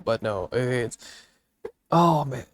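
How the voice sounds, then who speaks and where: Seated at home, a drowsy, laid-back streamer talks with his audience late at night, laughing and cursing often. He speaks slowly in a mid-range, expressive voice into a desktop microphone connected through a mixer.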